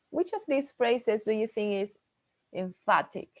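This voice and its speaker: A woman's voice: mid-range voice, very animated, unhurried. Bilingual woman teaching an English class. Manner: explains in English, then repeats in Spanish.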